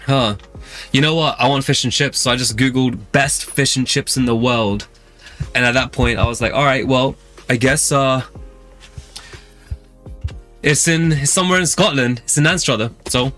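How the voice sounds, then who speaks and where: A man's voice: medium pitch, sharp tone. A man with a London accent, hosting a music channel and chatting casually with viewers in long rambling stories full of fillers. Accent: London English. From England. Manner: rambling, filler-heavy storytelling. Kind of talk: casual chat with live viewers.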